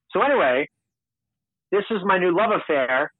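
A man's voice: high-pitched, lively intonation, moderate pace, dry recording. Male podcast guest from Long Island, candid rambling storyteller, dry tinny audio. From Long Island, New York. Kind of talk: casual storytelling. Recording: tinny, dry phone-like sound.

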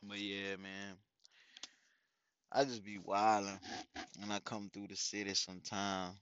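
Speaking at a measured pace with a flat delivery, a middle-aged father with a fairly low, clear, resonant voice that is a bit bright rambles through casual stories for his followers. He curses freely and says "man" in nearly every sentence. The highs are cut off in the recording.

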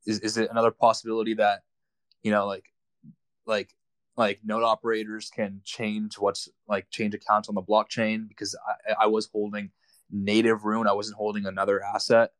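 A man calling in to a live audio chat speaks in a low, flat voice. He is halting and frustrated, and he often repeats words. His sound is dry and close. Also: no room sound. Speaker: caller from the community. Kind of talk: casual question on a live audio call.

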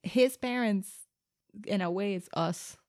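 A woman's voice: mid-range voice, slow pace, a little mellow, dry recording, clean studio sound. A woman, co-hosting a casual chat and telling stories, swearing freely and dropping in Spanish words. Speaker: podcast co-host.

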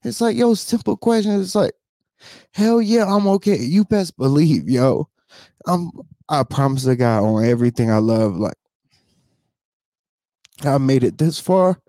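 A man's voice: a little high, unhurried, long pauses, warm tone, dry recording, studio quality. Emotional profane man in his thirties. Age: 30s. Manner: profane, repetitive, keeps asking "you know what I'm saying". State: tearful, sighing. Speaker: vlogger. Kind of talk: emotional unscripted rant to camera.

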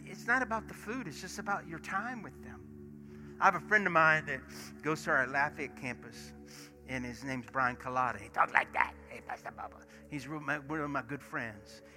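A man, a pastor preaching in church and acting out stories, swinging from hushed asides to loud bursts. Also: a little high, moderate pace. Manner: animated storyteller, acts out dialogue, swings from hushed to shouting. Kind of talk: sermon with storytelling. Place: church sanctuary. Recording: music playing behind sermon. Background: soft worship music.

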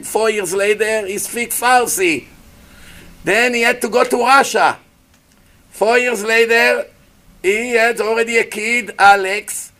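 A man giving a lively sermon as a rabbi, acting out little scenes and asking his listeners questions. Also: high voice. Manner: animated preacher, acts out voices, asks the audience questions. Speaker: rabbi giving a Torah class.

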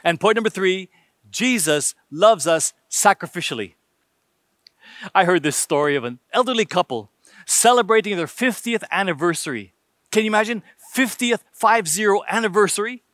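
A man's voice: high-pitched, animated, moderate pace, fairly bright tone, dry recording, clean studio sound. A man preaching a sermon emphatically, using rhetorical questions and numbered points.

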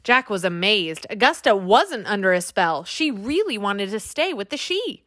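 A woman narrating a children's audiobook with an expressive reading. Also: mid-range voice, normal speed, no echo, studio quality.

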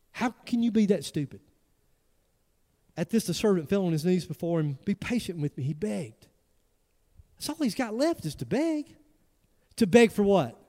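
A man, preaching with animated emphasis. He fires off rhetorical questions at his congregation. His voice carries a long hall reverb from a church sanctuary. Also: fairly high pitch. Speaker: pastor. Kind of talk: sermon.

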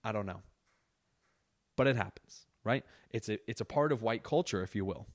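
A young adult man hosting a casual solo podcast, telling an animated, exaggerated story and swearing constantly while sitting on a couch indoors. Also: on the low side, moderate pace. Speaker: podcast host.

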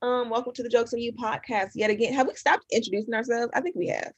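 A woman's voice: on the high side, steady tone, quick pace, breathy edge, dry recording, muffled recording. A woman co-hosting a comedy podcast, blunt and joking, with crude slang. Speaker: podcast co-host. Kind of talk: casual comedy podcast chat.

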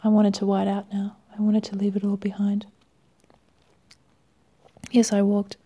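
Gravelly woman reading a wry story. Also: mid-range voice, monotone. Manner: wry, measured, dropping to a hush at times. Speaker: reader. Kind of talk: first-person story reading.

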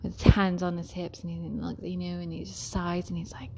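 A woman who works as a care worker tells a story in a chatty way. She laughs often and slips into soft, whispery asides. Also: lowish voice, flat delivery, a little fast, creaky, a little hiss or hum. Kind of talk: casual storytelling.

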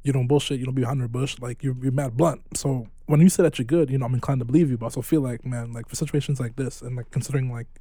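Chill podcast guy, talks fast, warm dark tone, lots of uh and like. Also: medium pitch, fairly even intonation, no room sound. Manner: supportive, fast, lots of filler. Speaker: podcast co-host and DJ. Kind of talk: casual podcast chat.

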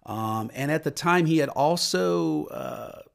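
A middle-aged man, a minister hosting a podcast, talking earnestly in a preaching manner, lifting his voice on scripture and dropping low for personal stories. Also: lively intonation, slow pace, gravelly. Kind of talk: podcast sermon talk.

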